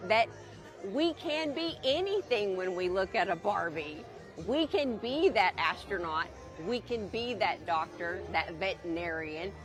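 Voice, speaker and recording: A woman with a Southern American accent, a collector guest talking enthusiastically and emphatically in a live TV interview. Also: medium pitch. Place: indoor collectibles show. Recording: event music and crowd behind.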